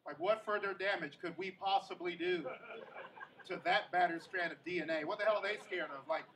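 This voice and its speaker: Man, stand-up comedian, young, from kansas, animated, high voice, distant mic, faint ambience. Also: brisk, a little hiss or hum. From Kansas, USA. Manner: animated, crowd-teasing, repeating punchlines. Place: comedy stage.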